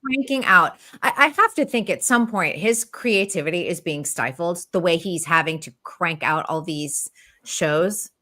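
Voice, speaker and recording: A woman's voice: fairly low pitch, lively intonation, moderate pace, pushed and bright. A woman co-hosting a casual panel chat, explaining things in a confident, matter-of-fact way. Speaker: co-host.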